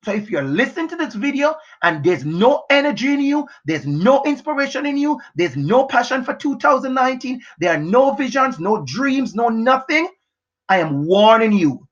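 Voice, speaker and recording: A man delivers an off-the-cuff motivational talk, repeating his points and pushing hard, at times breaking into shouts. The sound is dull and lo-fi. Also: extremely high pitch, sing-song, moderate pace, hardly any pauses. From Jamaica. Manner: emphatic, repetitive, pushing, sometimes shouting. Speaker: motivational educator. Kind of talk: unscripted motivational talk to camera. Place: house, indoors.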